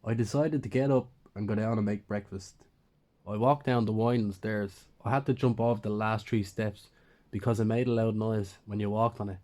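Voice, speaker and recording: In a lowish, slightly mellow voice, a man narrates a first-person horror story. He tells it plainly and conversationally, as if recounting events to a friend.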